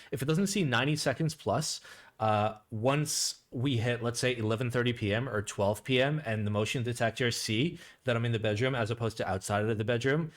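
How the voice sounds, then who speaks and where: Rambling, sweary male streamer. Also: lowish voice. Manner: rambling, sweary, lots of "like" fillers. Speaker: live stream host. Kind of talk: casual profane live-stream reaction chat.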